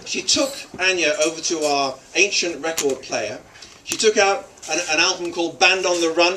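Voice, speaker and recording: In a wedding reception hall, a middle-aged father of the bride speaks at a normal pace in a high voice, delivering a jokey speech that ribs the guests. Crowd noise fills the distantly recorded clip as people laugh and chatter.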